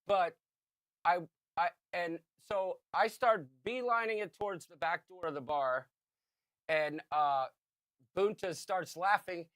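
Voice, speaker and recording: Animated fifty-something man telling a story. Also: sits high, takes it slowly, no echo, studio quality. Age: 50s. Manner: animated storyteller, shouts acted quotes. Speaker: podcast co-host. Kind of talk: casual storytelling chat.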